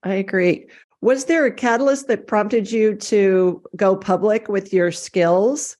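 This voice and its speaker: A woman hosting an interview, speaking with brisk humorous asides. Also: medium pitch, darkish tone. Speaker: podcast host, psychic and medical intuitive. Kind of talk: interview conversation.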